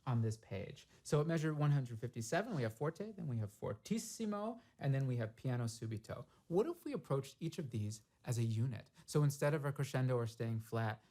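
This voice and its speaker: A man teaching snare drum, explaining step by step in a thoughtful way and singing rhythms out loud in a practice studio. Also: medium pitch, animated, brisk, few pauses. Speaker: percussion teacher. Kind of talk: instructional demonstration.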